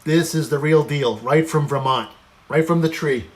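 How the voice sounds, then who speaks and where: A man with a slightly high voice at normal speed hosts a casual cooking livestream, chatting with viewers and greeting them by name. He sometimes moves away from the mic as he cooks.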